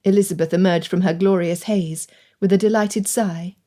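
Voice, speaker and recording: A woman's voice: lowish voice, normal speed. Woman reading a period romance audiobook. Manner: expressive, dramatic reading. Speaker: audiobook narrator. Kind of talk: scripted narration.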